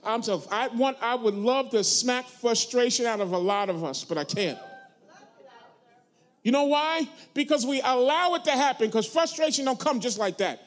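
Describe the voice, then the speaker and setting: Preaching at normal speed, this pastor has an extremely high-pitched, expressive voice. He draws his congregation into call-and-response while swinging from quiet asides to loud, forceful points.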